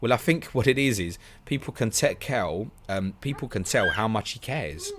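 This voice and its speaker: A man hosting a live stream, reading out viewer questions and answering them in quick, chatty bursts. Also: on the low side, animated, background noise. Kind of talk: fast casual live-stream Q&A.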